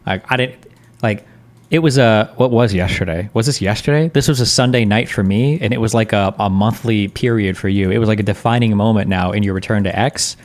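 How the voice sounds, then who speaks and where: A man's voice: fairly low pitch, fairly quick. A man commenting live on his stream in a blunt, mocking, profane way. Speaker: streamer reacting to clips.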